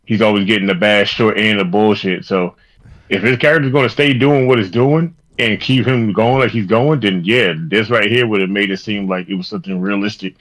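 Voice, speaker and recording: A man's voice: lowish voice, brisk, fairly bright tone, low-quality recording. A man co-hosting a wrestling podcast, talking in a loose, profane, rambling way. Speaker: podcast co-host. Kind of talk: casual wrestling chat.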